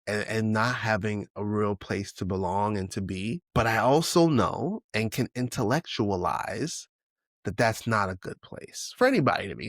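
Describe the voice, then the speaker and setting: With a fairly low voice and studio-quality sound free of echo, a forties-aged podcast host talks alone and off the cuff. The monologue is candid, reflective and emotional, peppered with casual swearing, restarts and "you know what I'm saying."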